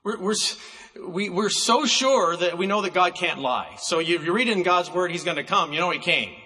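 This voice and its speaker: A man preaching a sermon, emphatic and slowing down to stress single words, recorded in a church hall. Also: high voice, expressive, bright, forceful tone.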